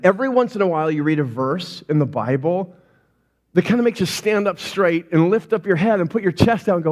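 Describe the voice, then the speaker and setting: A middle-aged man preaching to his church with a light, fairly high voice. He tells stories with animated energy, slips into little acted-out voices and throws rhetorical questions at the congregation. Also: fairly quick. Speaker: pastor. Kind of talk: sermon.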